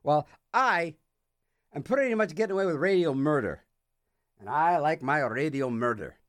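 A man's voice: fairly high pitch, lively intonation, moderate pace, no echo. A man hosting a radio show in a studio, rambling in a wry, sarcastic way. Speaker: radio DJ host.

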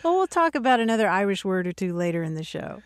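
A woman's voice: mid-range voice, big pitch swings, fast talker, no echo, studio quality. A woman co-hosting a radio talk show, greeting callers and chatting casually.

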